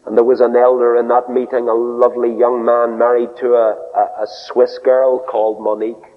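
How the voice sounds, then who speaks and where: A man preaching a sermon, telling stories earnestly and dropping low and soft for quoted words. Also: little pitch movement, normal speed. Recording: dull radio broadcast with long reverb.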